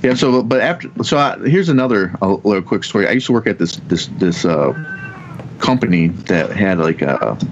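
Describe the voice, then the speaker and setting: Man, casual storyteller, rambling, lots of restarts, lowish voice, dull sound. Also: animated, noisy background. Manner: rambling, halting with many restarts, swears casually. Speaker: podcast guest telling ghost stories.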